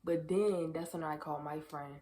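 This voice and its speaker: Lively young woman vlogger, casual storytime. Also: deep voice, moderate pace, slight background noise. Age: young adult. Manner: animated, profane retelling with acted-out quotes. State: tearful at times.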